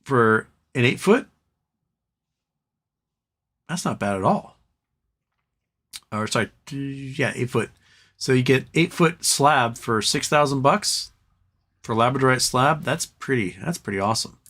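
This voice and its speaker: A man's voice: mid-range voice, lively intonation, measured pace, pauses often, a bit bright. A man hosting a live stream in casual chat, rambling between topics and reading chat aloud, his voice tiring. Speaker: livestream host.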